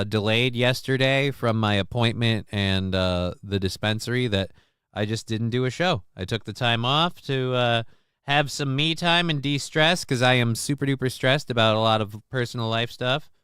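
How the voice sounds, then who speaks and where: A middle-aged man chats on his home live stream in a bright, clear voice, recorded close and dry with no room sound. He rambles, swears casually and reads viewers' comments aloud. When he quotes people he lifts into a livelier voice. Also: mid-range voice, no room sound. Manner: quotes himself and others in livelier raised voice. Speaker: livestream host. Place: home desk.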